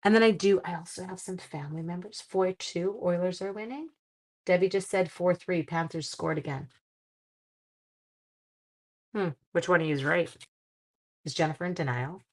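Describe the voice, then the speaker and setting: A woman's voice: fairly low pitch, normal speed, pauses often. A middle-aged woman hosting a live stream, chatting casually with viewers and reading their comments while she makes cards. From Canada. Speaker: live-stream crafting host.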